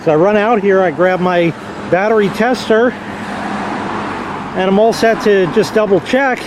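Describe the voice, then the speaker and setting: Wry rambling man, high-pitched voice. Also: measured pace, noisy background. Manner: rambling, wry, swears lightly. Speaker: car owner vlogging a repair. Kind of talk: casual vlog. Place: outdoors by a parked car.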